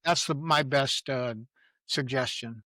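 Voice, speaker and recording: A man's voice: medium pitch, slow pace, bright, forceful tone, no room sound. A middle-aged man, a parenting coach, answering interview questions in a candid, reflective way from his own experience. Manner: earnest, reflective, speaks from personal experience.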